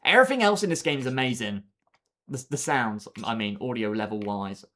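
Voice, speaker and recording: A man's voice: mid-range voice, animated, fairly quick, a bit bright. A young man streaming a game live, joking, bragging and chatting back to his viewers in a casual way. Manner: joking, boastful, answering chat. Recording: clear background noise.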